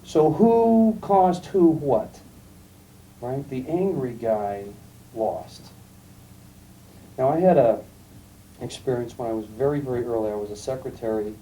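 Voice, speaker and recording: A middle-aged man giving a classroom lecture, telling anecdotes in a calm, emphatic storytelling way. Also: medium pitch, measured pace, long pauses. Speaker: guest lecturer. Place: lecture room. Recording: distant mic, faint room noise, archival tape.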